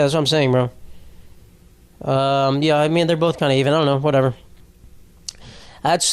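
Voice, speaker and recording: A man's voice: fairly high pitch, clean tone. A young man hosting a solo podcast, rambling casually with lots of swearing and jokes. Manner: rambling, profane, jokey. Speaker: podcast host.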